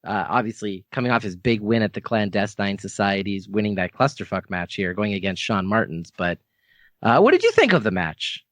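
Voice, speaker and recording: A man's voice: on the low side, big pitch swings, fairly quick, fairly bright tone, no echo. A man from Canada hosting a podcast, chatting casually about wrestling, laughing often and rambling into asides. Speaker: podcast host. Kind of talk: casual wrestling review chat.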